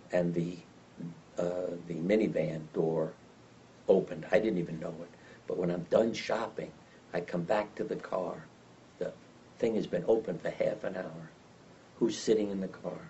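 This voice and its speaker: An older man telling lively anecdotes as an interview guest, acting out the voices of the people in his stories. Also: low voice, moderate pace, long pauses, a little hiss or hum. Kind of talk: storytelling in an interview. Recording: dull lo-fi sound from some distance.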